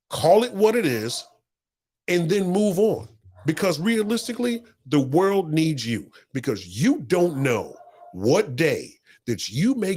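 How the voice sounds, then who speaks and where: Male podcast co-host, motivational storyteller, slightly high, very animated pitch. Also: breathy edge. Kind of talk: casual heartfelt podcast talk.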